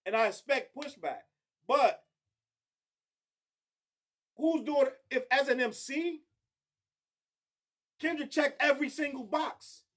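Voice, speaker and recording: High-voiced man arguing on a podcast. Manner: talks fast and builds his argument with many names. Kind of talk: casual hip hop debate.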